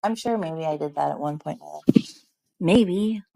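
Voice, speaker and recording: Woman, casual livestream chat, rambling, lots of fillers, gravelly fry, dry close sound. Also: low-pitched, normal speed, warm tone, no echo, rough recording. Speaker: streamer. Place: at home, snowed in.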